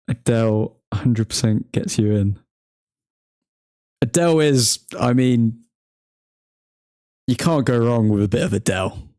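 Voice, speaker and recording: A laid-back young man hosts a livestream football watchalong, reading chat and bantering with viewers by name. He jokes and laughs often, his warm mid-range voice recorded dry with studio quality.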